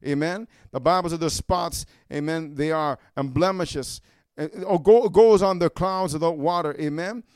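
A man preaching a fiery sermon, punctuating his points with "amen?" and building to shouts. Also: a little high, normal speed, clear, resonant tone, no echo, clean studio sound.

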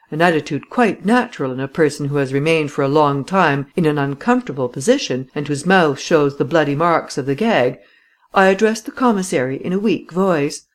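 Expressive woman reading a story. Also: low voice. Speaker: audiobook narrator. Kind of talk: first-person storybook narration.

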